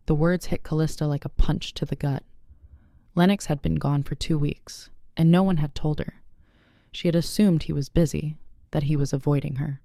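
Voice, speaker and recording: A narrator reading a werewolf romance story in even, measured scripted narration. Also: mid-range voice, creaky, dry recording, clean studio sound.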